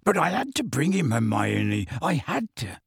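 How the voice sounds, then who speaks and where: A man voicing a huge, gentle half-giant man who is anxious and close to tears, speaking in hushed, earnest tones with rustic grammar. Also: mid-range voice, lively intonation, slow pace, creaky, breathy edge, no echo, full character voice. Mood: desperate.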